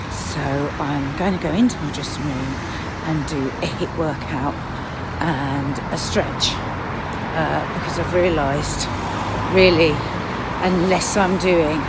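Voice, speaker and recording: Chatty woman, low voice. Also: heavy background noise. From England. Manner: chatty, excitable, swears casually. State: out of breath. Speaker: vlogger. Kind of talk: casual vlog monologue. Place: dressing room at work.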